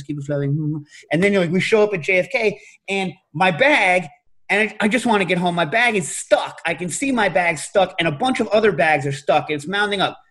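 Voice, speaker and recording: Man, middle-aged, podcast host, casual chat, animated storyteller, slightly high voice. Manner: animated storyteller, leaps to high shouted imitations.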